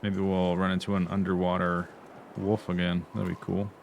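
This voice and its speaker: A man's voice: sits low, monotone, moderate pace, vocal fry, a little mellow, a little hiss or hum. A man streaming a survival game, chatting casually and playfully to himself, sometimes humming nonsense sounds. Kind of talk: casual gameplay commentary.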